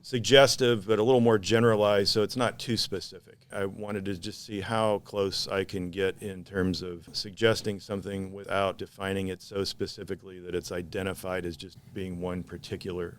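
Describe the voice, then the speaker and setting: A man, a painter, talking in a measured, thoughtful way about his work in an interview. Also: sits low, little pitch movement. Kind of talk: gallery interview.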